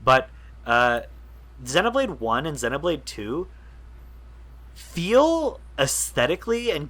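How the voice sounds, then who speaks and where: A man's voice: fairly high pitch, fairly bright tone. A man co-hosting a casual gaming podcast, explaining at length with lots of fillers and restarts. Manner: rambling, enthusiastic explainer with many fillers. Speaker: podcast co-host.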